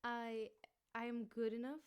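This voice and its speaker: A woman's voice: on the high side, level tone, measured pace, clean tone. A woman reacting to a video in casual commentary, gushing and reflective, saying "like" a lot. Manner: gushing, reflective, says "like" often.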